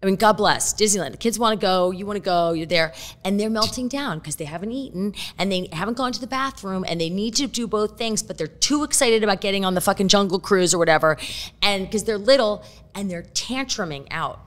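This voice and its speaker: A woman's voice: medium pitch, lively intonation, brisk. A woman in her fifties, a podcast guest, telling candid stories in casual chat and swearing freely.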